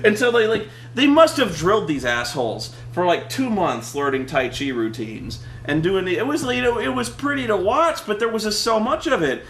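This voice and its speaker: A man's voice: sits high, big pitch swings, normal speed, few pauses, a bit bright, a little hiss or hum. A young man on a casual vlog, ranting about a film with lots of swearing and mocking, acting out scenes in silly voices. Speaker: vlog co-host. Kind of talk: animated casual movie rant.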